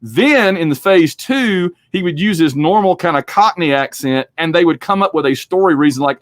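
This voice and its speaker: A man with a somewhat high voice hosts a podcast. He talks in a loose, rambling way and keeps slipping into little acted-out quotes. The sound is dry and close. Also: animated, moderate pace, few pauses, no room sound. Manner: rambling, chatty, acts out quotes. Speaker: podcast host. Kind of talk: casual movie discussion.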